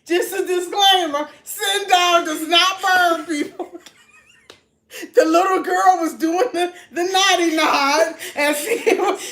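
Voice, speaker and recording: A middle-aged woman, a mother, chatting casually and telling animated stories, laughing as she acts out what people said. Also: extremely high pitch, slow, long pauses. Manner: animated, laughing storyteller who acts out quotes. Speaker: mother of the host, salon co-owner. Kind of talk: casual storytelling chat.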